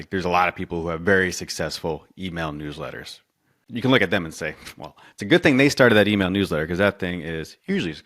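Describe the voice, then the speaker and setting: A man's voice: deep voice, fairly bright tone. A man speaking as a consultant guest in a casual interview, talking animatedly with many restarts and acting out quotes.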